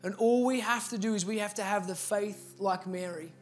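Earnest Australian pastor preaching. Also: male voice, high voice, normal speed, soft background music. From Victoria, Australia. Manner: earnest, builds to emphatic appeals. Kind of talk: storytelling sermon.

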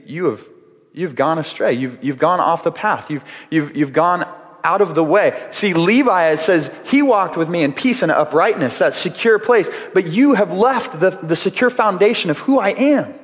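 Earnest male preacher in a reverberant hall. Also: high voice. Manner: earnest, conversational preaching with frequent restarts. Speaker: pastor. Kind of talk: sermon. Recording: long reverb of a large hall.

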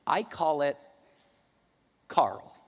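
A calm, gentle comic-strip Jesus speaks kindly and evenly, as a preacher puts him on. His voice carries through a hall with long reverb. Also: on the high side, extremely slow, exaggerated voice.

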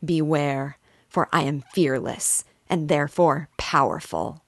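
A woman voicing a wretched, vengeful male creature, speaking slowly and with weighty menace. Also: low voice, creaky, no echo, heavily acted. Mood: menacing.

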